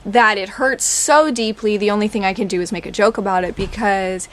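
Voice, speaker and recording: A woman, talking candidly as a podcast host, chatty and laughing through dark jokes. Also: medium pitch, brisk, slight background noise. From Oklahoma. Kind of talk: casual personal talk.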